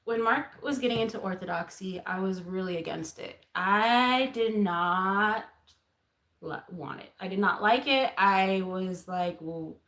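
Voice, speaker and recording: A woman's voice: mid-range voice, a little slow. A young woman co-hosting a casual chat, telling a story with laughs and acted-out quotes. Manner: animated, acts out quoted voices, laughs often. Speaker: co-host, host's wife. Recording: roomy echo.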